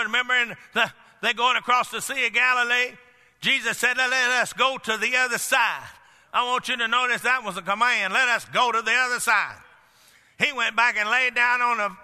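A male pastor preaches emphatically, his voice pitched high and ringing with a very bright, sharp edge. He weaves plain storytelling into forceful declarations. The sound carries a long reverb, as if recorded in a large church sanctuary. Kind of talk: sermon.

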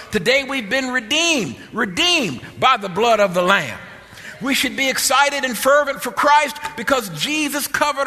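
A man's voice: very high voice, pushed and bright, long reverb tail. A man preaching a sermon in a church, with an impassioned, repetitive preaching cadence.

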